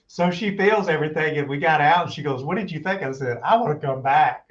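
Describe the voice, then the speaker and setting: Lo-fi animated storyteller man. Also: on the high side, moderate pace. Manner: animated storyteller, acts out quoted voices. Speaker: guest on a talk stream. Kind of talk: casual storytelling. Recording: muffled lo-fi audio.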